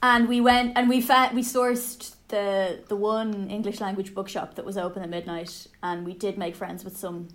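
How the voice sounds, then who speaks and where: A woman's voice: medium pitch, steady tone, moderate pace, hardly any pauses, slight background noise. Eager woman in casual chat. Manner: enthusiastic, hesitant fillers, giggly. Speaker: podcast panelist.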